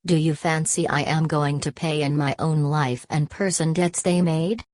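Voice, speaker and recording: A woman's voice: low-pitched, fairly even intonation, moderate pace, darkish tone, no room sound, close to an everyday voice. A woman voicing a proud, aloof young male student from an audiobook novel, speaking coolly and defiantly.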